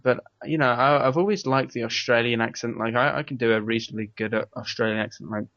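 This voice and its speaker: A man's voice: mid-range voice, steady tone, quick pace, fairly bright tone, no echo. A man with an English accent hosting a casual podcast chat, rambling and laughing often. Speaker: podcast host. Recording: dry, dull lo-fi mic.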